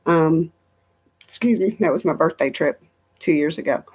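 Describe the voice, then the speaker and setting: A woman's voice: sits low, normal speed, darkish tone, breathy edge. A middle-aged woman chatting casually on a live stream from home, rambling through travel stories and reading viewer comments aloud. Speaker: livestream host.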